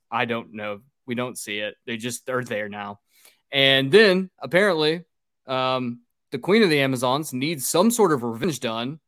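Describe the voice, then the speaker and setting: Recapping a film on his casual podcast, a man rambles along with fillers and curse words. His mid-range voice is fairly bright, clear and resonant, recorded dry at studio quality.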